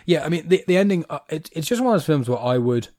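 A British man co-hosting a podcast, chatting casually about a film in an animated, rambling way and laughing easily. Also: fairly high pitch, fast talker, dry recording, studio quality. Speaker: podcast co-host.

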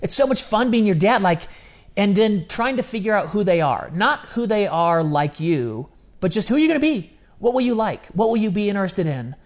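A man's voice: sits high, big pitch swings. Earnest man, candid podcast talk. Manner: earnest, confessional, quick bursts of speech. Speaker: podcast co-host.

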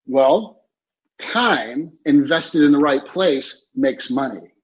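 A man's voice: a little high, animated, slow, muffled recording. A man giving a motivational interview as a time coach, talking emphatically and repeating key phrases. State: clearing throat, choked up.

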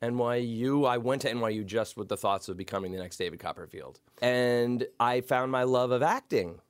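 A man's voice: mid-range voice, normal speed, clear, resonant tone. Playful rambling man chatting. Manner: playful, rambling with many fillers. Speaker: magician and comedian guest. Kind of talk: casual interview chat.

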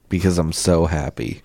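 A man co-hosting a comedy podcast, joking in a dry, deadpan way. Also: low-pitched, creaky, dry recording. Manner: deadpan, dry jokey delivery. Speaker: podcast co-host. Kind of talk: casual comedic chat.

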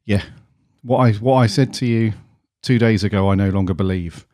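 A man's voice: on the low side, moderate pace, mellow, no room sound, clean studio sound, natural voice. A man putting on a flip-flopping male politician, flipping back and forth in a mocking sing-song.

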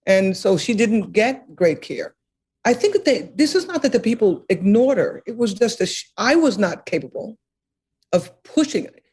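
Older woman guest, husky voice, earnest and emphatic, repeats herself, laughs a bit. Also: mid-range voice, big pitch swings, normal speed, a little mellow. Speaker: interview guest, author. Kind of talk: reflective interview conversation.

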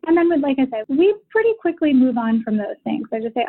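A woman's voice: high voice, expressive, fairly quick, few pauses. A mother calling in to a parenting show, explaining things thoughtfully and at length. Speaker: caller, military mother. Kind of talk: casual consultation call. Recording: tinny phone line.

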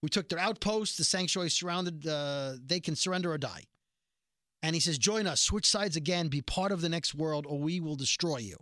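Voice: mid-range voice, moderate pace, no echo, studio quality. A podcast co-host giving a casual, sarcastic recap of a TV episode, acting out the characters' lines as they go. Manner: sarcastic, animated retelling of scenes.

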